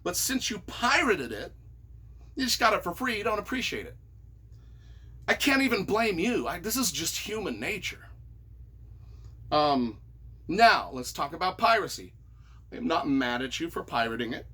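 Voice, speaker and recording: A man's voice: high-pitched, sing-song, moderate pace, pauses often, bright, forceful tone, slightly rough. A man, a novelist, giving casual, mock-earnest and playfully sarcastic commentary, often stumbling over his words. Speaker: novelist reading reviews of his own books.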